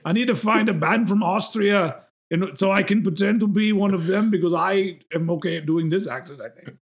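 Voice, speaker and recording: A man's voice: high voice, fairly quick. A man co-hosting a podcast, chatting casually in a rambling, self-mocking way. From Texas. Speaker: podcast co-host. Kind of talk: casual chat.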